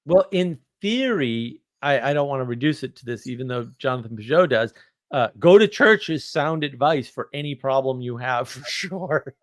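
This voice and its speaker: A man's voice: medium pitch, lively intonation, moderate pace, no room sound. Blunt, joking man on a dry mic. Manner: blunt, joking, self-deprecating. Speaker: host. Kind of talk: casual rambling chat.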